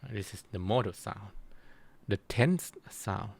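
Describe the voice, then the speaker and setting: Male lecturer with gravelly voice. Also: on the low side, darkish tone. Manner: halting, many restarts and fillers. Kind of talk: university lecture.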